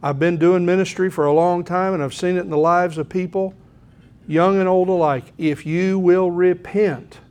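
Man, pastor preaching, folksy, earnest, fairly high voice. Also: steady tone, normal speed, a little mellow. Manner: folksy, earnest, clears throat often. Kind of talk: sermon.

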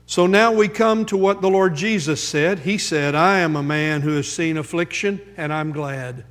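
A man preaching a sermon as pastor, quoting scripture and building to emphatic high points. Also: normal speed, a bit bright, big-room sound.

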